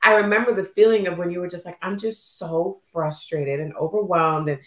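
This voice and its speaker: A woman's voice: on the low side, steady tone, a little fast, roomy sound. A woman co-hosting a podcast, talking candidly and emotionally about a friendship, often acting out what was said. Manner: candid, emotional, acts out quotes. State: postpartum. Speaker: podcast co-host. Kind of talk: casual chat.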